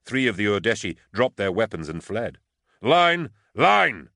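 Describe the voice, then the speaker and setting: A man narrating an audiobook in a steady, even storytelling manner, on a close studio mic. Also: fairly low pitch, fairly quick, no room sound.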